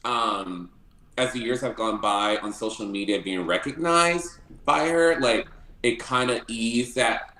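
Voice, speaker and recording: A man telling stories as a podcast guest, animated, often laughing and acting out what people said. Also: mid-range voice, unhurried, reverberant, poor audio. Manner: animated, laughing often, acts out quoted lines. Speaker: podcast guest, drag performer. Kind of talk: casual storytelling interview.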